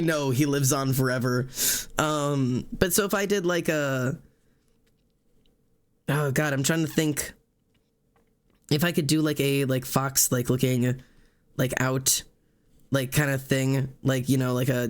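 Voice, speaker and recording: A man's voice: medium pitch, fairly even intonation, measured pace, long pauses. A man streaming live, chatting casually while he sketches tattoo ideas, rambling with many fillers and the odd curse. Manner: rambling, full of fillers and swearing. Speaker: livestreamer.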